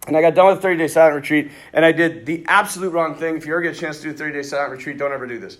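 A middle-aged priest giving a conversational sermon, telling stories and acting out bits of dialogue. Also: male voice, a little high, rapid-fire. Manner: conversational, animated, acts out quoted dialogue. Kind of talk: sermon with storytelling.

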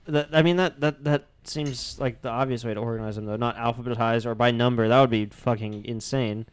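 Man with a smooth, clear voice. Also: medium pitch, fairly even intonation, fairly quick. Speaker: podcast host. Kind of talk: casual chat.

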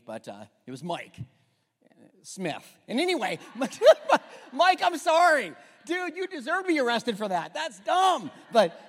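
Male pastor, bright high voice, animated, casual and joking between scripture, church hall reverb. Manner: jokey, conversational preaching with asides. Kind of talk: sermon. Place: church sanctuary.

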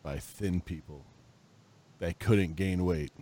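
A man's voice: sits low, slow, mellow. A young man co-hosting a casual late-night podcast, laid-back and wisecracking, with casual swearing. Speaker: podcast co-host.

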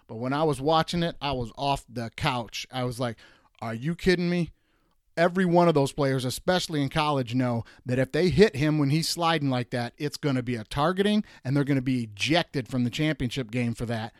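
A man's voice: a little fast, hardly any pauses, no echo, studio quality. Emphatic man hosting a sports rant. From Detroit. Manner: exasperated, emphatic, swings high when mocking. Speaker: podcast host.

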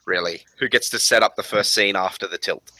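A man's voice: lowish voice, brisk, bright, forceful tone, no echo, low-quality recording. A man chatting casually as a tabletop game player on a voice call, laughing often. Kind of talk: casual chat over a voice call.

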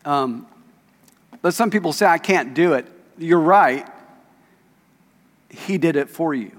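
A man's voice: a little high, lively intonation, slow pace. Man preaching in a reverberant church. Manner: conversational, reads scripture aloud and asks the congregation questions. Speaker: pastor. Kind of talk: sermon. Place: church sanctuary. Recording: long reverb of a church hall.

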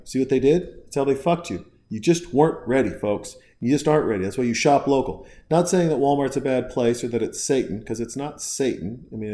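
A man's voice: medium pitch, warm tone, a little hiss or hum. A man hosting a podcast in an early-morning solo rant, swearing freely, rambling and restarting his sentences as he gets worked up. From United States. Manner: profane, fired-up, rambling with many restarts. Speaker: podcast host. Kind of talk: casual ranting monologue.

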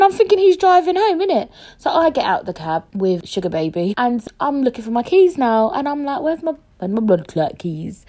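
Animated young woman telling a story. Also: medium pitch. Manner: animated, swearing, mimics people in quotes. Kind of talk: casual storytime chat.

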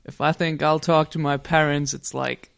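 A man's voice: on the high side, little pitch movement, normal speed, gravelly, a bit bright, clear, resonant tone. A man from near Frankfurt with a German accent, a guest giving short plain answers in English.

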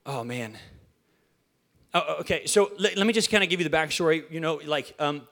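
A man's voice: on the high side, expressive, normal speed, creaky, pushed and bright. A man preaching a casual, joking sermon from a church stage, chatty and playful, with stammered restarts and questions to the congregation.

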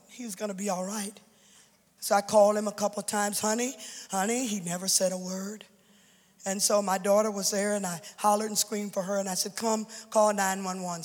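Woman, a pastor's widow, giving emotional church testimony into fervent preaching; long reverb from a big hall. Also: mid-range voice.

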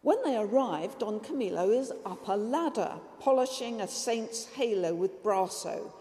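Woman, preacher, sermon, mellow tone, reflective, long church echo. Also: medium pitch, animated. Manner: measured, reflective delivery. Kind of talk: sermon with a read-aloud story.

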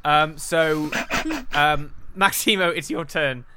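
This voice has a bright, forceful tone and a middle pitch. It narrates a tabletop game as game master, pausing often with ums. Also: expressive. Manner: hesitant, with frequent ums and laughs.

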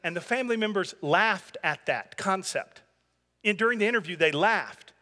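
A man's voice: high voice, animated, moderate pace, pushed and bright. A man preaching a sermon as pastor in an earnest, conversational way. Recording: long hall reverb.

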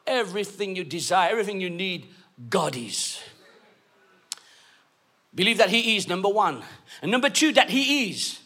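A man preaching a sermon, emphatic and call-and-response, often rising to shouts. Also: sits high, expressive, moderate pace, long pauses.

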